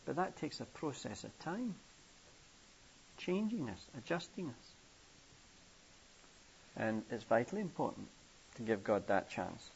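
Gravelly older man preaching with stories. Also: very animated, measured pace, pauses often. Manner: acts out children's voices in a high pitch within stories. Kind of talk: storytelling sermon. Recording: muffled, hissy old tape.

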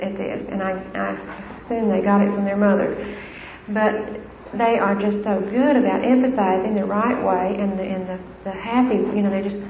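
A middle-aged woman gives an informal talk on raising children in faith, with frequent fillers and restarts. Her voice carries a long echo through a hall. The old recording sounds dull and lo-fi, with a faint hiss. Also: mid-range voice. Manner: conversational, warm-hearted, frequent fillers and restarts. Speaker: speaker on Christian parenting. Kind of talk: informal talk to a live audience.

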